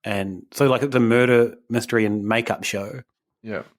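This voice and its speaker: A man's voice: fairly low pitch, fairly even intonation, normal speed. A young man, co-hosting a podcast, rambling and self-deprecating in casual chat. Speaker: podcast co-host.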